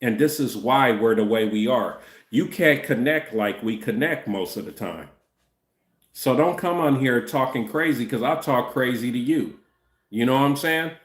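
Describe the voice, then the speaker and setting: A man's voice: mid-range voice, expressive, moderate pace, echoey room. A man in his fifties chatting loosely on a livestream, answering viewers' chat comments and often tacking on "you know what I'm saying". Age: 50s.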